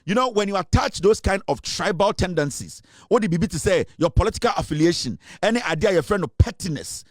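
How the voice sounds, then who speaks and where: A Ghanaian-accented man delivers political commentary with a forceful, emphatic push. His voice sits a little high for a man. The sound is dry and close, with no room behind it. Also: lively intonation, fast, dry recording. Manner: forceful, emphatic, mixes English and Twi.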